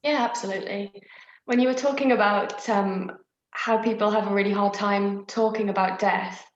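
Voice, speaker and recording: A woman's voice: medium pitch, fairly even intonation, moderate pace, a little hiss or hum. A British woman taking part in an online group discussion, talking candidly and bluntly and laughing wryly. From Britain. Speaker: group participant. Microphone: video call. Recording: echoey, dull video call audio.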